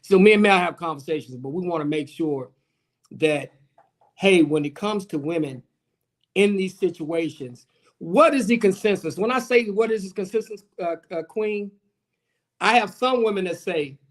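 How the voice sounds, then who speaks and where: High-voiced man hosting a lively panel. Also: moderate pace. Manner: animated, questions with restarts. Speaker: host. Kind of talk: livestream panel discussion.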